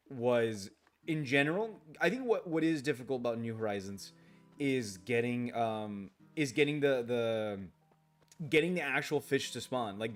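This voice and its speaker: A man streaming a game late at night in casual chat, rambling, restarting his sentences, grumbling at the game and answering viewer comments aloud. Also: medium pitch.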